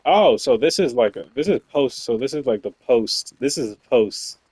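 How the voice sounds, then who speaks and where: Young guy rambling about work, cussing a lot, normal pitch, dry close sound. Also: lively intonation, moderate pace, darkish tone, breathy edge, dry recording. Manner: rambling, profane, laughs often, many fillers. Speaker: streamer. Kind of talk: casual storytelling while gaming.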